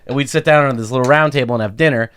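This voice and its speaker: A man's voice: mid-range voice, racing, clean tone. A man co-hosting a podcast in casual chat, telling rambling stories and acting out quotes. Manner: rambling storyteller, acts out quotes loudly. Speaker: podcast co-host.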